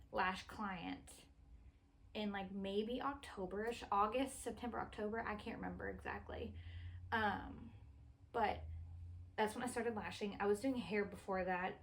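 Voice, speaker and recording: A woman's voice: medium pitch, poor audio. A woman in her thirties, a mother and vlogger, rambling casually to the camera with a lot of swearing and filler words. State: a bit out of breath. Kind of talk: casual talking-to-camera chat.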